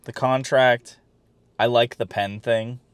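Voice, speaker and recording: A podcast co-host chats casually about wrestling, rambling a bit with fillers and the occasional swear. His medium-pitched voice stays fairly even in intonation, and he takes things slowly. The sound is smooth and the recording dry.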